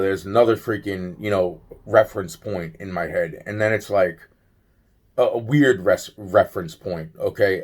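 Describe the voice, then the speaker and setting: A man telling a long personal story in a rambling, repetitive way, swearing freely and trailing off into fillers. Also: lowish voice. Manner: rambling, repetitive, full of "you know" and "blah blah blah", swears freely. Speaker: vlogger. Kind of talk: casual rambling storytelling to camera.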